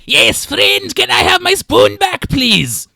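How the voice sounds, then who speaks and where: A man's voice: very high voice, huge pitch swings, takes it slowly, gravelly, sharp tone, no room sound, clean studio sound, pitched above the performer's own voice, full character voice. A man voicing a scatterbrained male lizard man prisoner who mumbles to himself and pleads eagerly. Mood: eager pleading.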